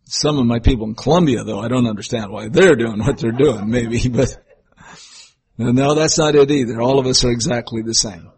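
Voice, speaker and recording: With a slightly mellow, mid-range voice at normal speed, an older preacher tells homely, folksy stories in his sermon. He sometimes slips into acting out different voices.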